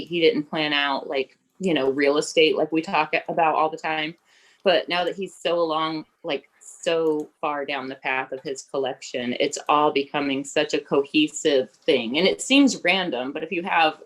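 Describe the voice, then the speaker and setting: Woman, podcast co-host; deep, low voice, relaxed chatty introduction. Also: low-quality recording. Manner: relaxed, many likes and fillers. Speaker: podcast co-host, tattoo artist. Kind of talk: casual podcast chat.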